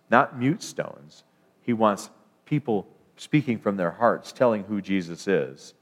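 A man preaching a sermon, emphatic, rising to declarations and often restarting his phrases. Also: on the low side.

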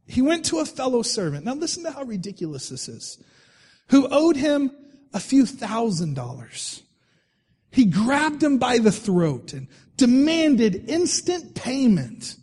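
Man, pastor, conversational sermon, repeats words, high-pitched, reverberant church hall. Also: warm tone. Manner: conversational preaching, repeats words, reads scripture aloud.

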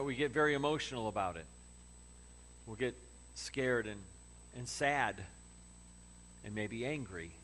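A man's voice: medium pitch, a bit bright, a little hiss or hum. A man preaching a sermon in a conversational way, with humorous asides. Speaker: pastor.

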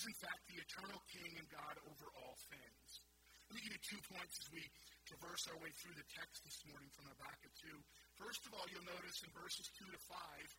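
A man with a fairly high voice preaches with emphatic force, building and dropping his intensity as he drives each point home. A steady hum and noise run underneath the recording. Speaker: pastor. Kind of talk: sermon.

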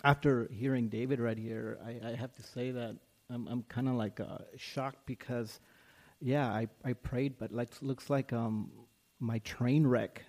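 A man's voice: medium pitch, steady tone, a little slow, a little mellow. A man, a school principal, speaking to a congregation in a chatty, self-deprecating way with many fillers. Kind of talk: casual talk to a congregation.

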